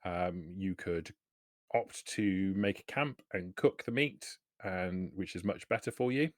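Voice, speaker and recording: A man narrating as game master of a tabletop game, relaxed and halting, with many fillers. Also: low voice, no room sound, clean studio sound.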